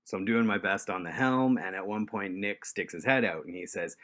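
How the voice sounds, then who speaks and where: A man telling a story in a relaxed, chuckling way, with lots of fillers. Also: sits low, brisk, hardly any pauses. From Canada. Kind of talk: casual storytelling.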